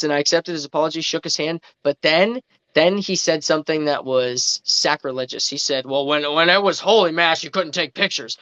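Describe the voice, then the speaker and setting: A man's voice: mid-range voice, a bit bright, smooth, no echo, muffled recording. A man telling a story on a livestream, rambling casually and stopping often to restart. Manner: rambling, full of fillers and restarts.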